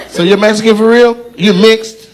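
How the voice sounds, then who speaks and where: A man doing stand-up crowd work on a club stage, teasing audience members in loose, slangy banter. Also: sits high. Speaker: stand-up comedian. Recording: live club recording, loud crowd laughter.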